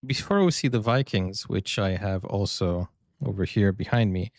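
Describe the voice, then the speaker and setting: A man from Brazil hosting a sports reaction video, chatting excitedly and often stumbling and restarting his sentences. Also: fairly low pitch, moderate pace, heavy background noise. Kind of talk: casual reaction commentary.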